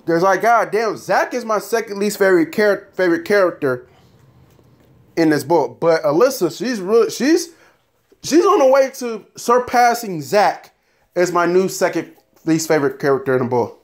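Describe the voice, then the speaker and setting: A man's voice: high voice, normal speed. A man ranting loosely about characters in a story game, full of fillers and swearing, then reading a chapter aloud. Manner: animated, profane, frequent fillers.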